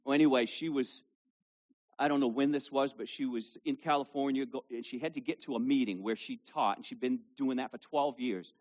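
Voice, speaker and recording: A male pastor preaching a sermon to a congregation with kids present, reading scripture loudly and dropping low for asides. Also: fairly quick, highs cut off. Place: church service with children present.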